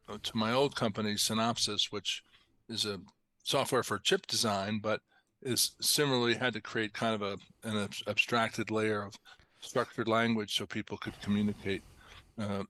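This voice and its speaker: A middle-aged man, a company founder as a podcast guest, explaining in a measured way and clearing his throat now and then. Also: on the low side, pushed and bright, no echo. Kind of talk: casual podcast interview.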